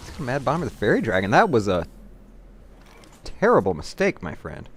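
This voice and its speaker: A man giving live commentary on his own card game, thinking his moves through aloud and getting excited or laughing at his own mistakes at his home computer. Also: mid-range voice, rapid-fire, breathy edge. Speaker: gameplay commentator.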